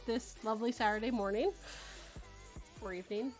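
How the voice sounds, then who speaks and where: A woman's voice: on the high side, moderate pace, soft background music. A woman from Canada hosting a casual podcast chat, rambling and correcting herself as she goes, often laughing. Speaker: podcast host.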